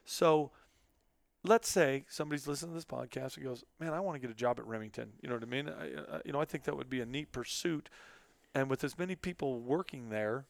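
A man's voice: mid-range voice, a little fast, gravelly, dry recording. A middle-aged man hosting a podcast in casual chat, talkative and openly emotional, with lots of fillers. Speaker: podcast host.

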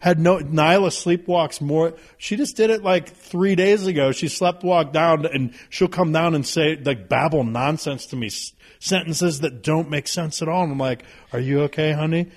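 A man in his thirties, a podcast guest telling stories in a casual, animated way, swearing freely. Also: fairly high pitch, moderate pace, few pauses. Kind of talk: casual storytelling.

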